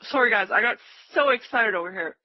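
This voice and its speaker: Fairly quick and fairly high-pitched, a woman hosting a day-trading livestream excitedly calls out price targets and pleads with the market to cooperate. The recording has no echo and its highs are cut off.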